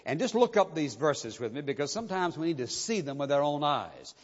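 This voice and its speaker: A man with a notably high voice delivers an insistent, emphatic sermon, hammering his points home with repetition. His words ring out through a church sanctuary with a long reverb tail. The recording itself is dull and muffled. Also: very animated, a little fast. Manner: emphatic, insistent preaching with repeated phrases. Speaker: pastor.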